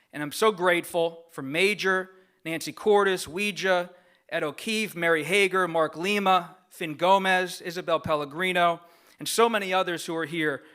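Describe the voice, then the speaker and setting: A man with a slightly higher pitch and a bright, forceful tone delivers a prepared acceptance speech at a gala podium. His delivery is earnest and grateful, measured like a written speech read aloud, and it carries through a podium microphone in a large banquet room. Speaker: award recipient giving an acceptance speech.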